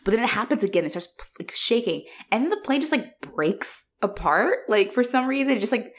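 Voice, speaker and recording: With a fairly high pitch and a slightly fast pace, a young woman recaps a movie casually as a podcast co-host. Her manner is animated and profane, and she laughs a lot while swearing freely.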